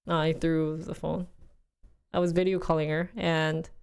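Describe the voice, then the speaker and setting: A young woman chats on her livestream in a loose, rambling way, laughing often and jumping up high when she quotes her family. Her voice sits a touch low and is starting to wear hoarse from long talking. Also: little pitch movement, unhurried. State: losing her voice. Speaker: streamer. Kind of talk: casual livestream chat.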